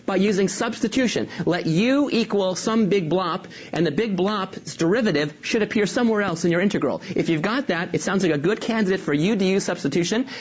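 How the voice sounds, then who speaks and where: A calculus teacher giving a rapid, enthusiastic review lecture. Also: medium pitch. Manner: enthusiastic, upbeat explaining.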